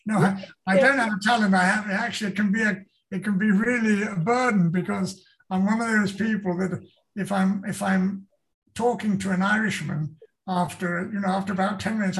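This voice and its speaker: Gravelly older British man, rambling. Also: high voice, steady tone, normal speed, a bit bright. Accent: British English. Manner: rambling, repeats words and restarts often. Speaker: author, guest. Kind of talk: casual interview chat.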